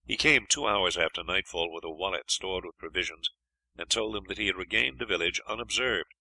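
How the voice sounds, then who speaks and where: Low, gravelly male audiobook narrator. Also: fairly quick, dry recording, low-quality recording. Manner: steady storytelling reading. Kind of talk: scripted narration.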